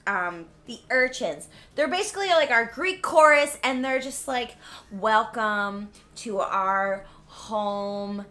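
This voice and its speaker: A tipsy woman recaps a story in a rambling, giggly way and keeps stumbling over her words. Her voice is high and animated, with a sharp, bright edge. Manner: rambling, giggly, self-interrupting. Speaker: vlogger. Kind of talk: casual comedic retelling.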